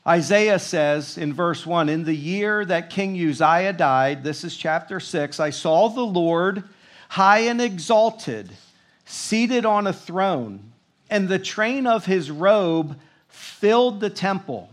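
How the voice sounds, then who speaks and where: Male preacher, high voice, slow and emphatic, reads scripture then comments. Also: animated. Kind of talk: sermon.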